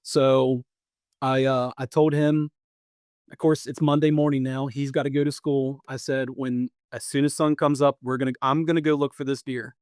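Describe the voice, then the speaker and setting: A man's voice: mid-range voice, little pitch movement, moderate pace, a little mellow, no echo, studio quality. A man in his thirties, a podcast co-host, casually telling a long hunting story with lots of restarts and repeats. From Pennsylvania or Maryland.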